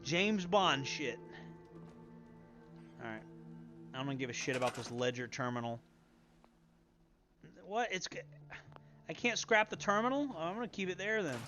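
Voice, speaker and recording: A man's voice: on the high side, normal speed, pauses often, bright, forceful tone, soft background music. A young man streaming a game, rambling and swearing casually as he plays. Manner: rambling, profane, muttering to himself. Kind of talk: casual gameplay commentary.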